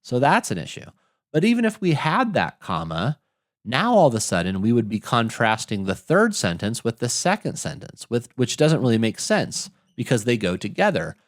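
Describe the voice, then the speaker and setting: A man tutoring test prep, talking through grammar questions in a lively teacher's tone and asking rhetorical questions. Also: medium pitch, normal speed, no room sound, studio quality. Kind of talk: explaining grammar questions on screen.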